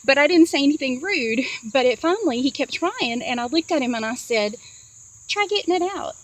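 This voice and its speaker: A woman's voice: high voice, animated, a little fast, low-quality recording. Chatty woman vlogging from her car. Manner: chatty, rambling, many fillers and asides. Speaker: vlogger sharing dreams. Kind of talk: casual storytelling vlog. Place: inside a parked car on a hot day.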